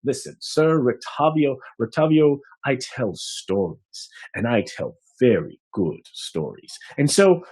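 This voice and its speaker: A man's voice: medium pitch, very animated, measured pace, few pauses, darkish tone, breathy edge, full character voice. A man voicing a flamboyant male half-elf storyteller in a tabletop game, talking in a wheedling, salesman-like way. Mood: persuasive.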